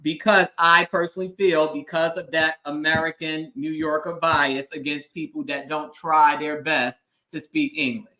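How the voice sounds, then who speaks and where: A female host and legal analyst tells her account in an earnest, emphatic way. Her voice is bright and forceful. She stays in a casual interview mode and often murmurs agreement. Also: deep voice, steady tone, normal speed, few pauses. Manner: earnest storytelling, emphatic, frequent affirming murmurs.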